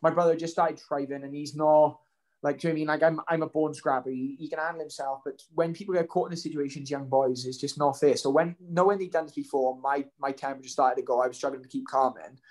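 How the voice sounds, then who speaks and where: Rambling young man, higher voice. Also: steady tone, quick pace, a little mellow. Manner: rambling, full of "so, um" and restarts. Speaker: guest, professional fighter. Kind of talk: casual interview storytelling.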